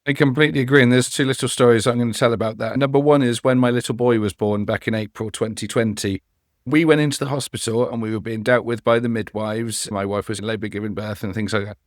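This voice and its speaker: A man who consults on customer experience talks as a podcast guest and spins anecdotes with energy. His voice sits at a typical middle pitch. He is close-miked in a dry space. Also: fast, no room sound. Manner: animated storyteller. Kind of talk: conversational interview.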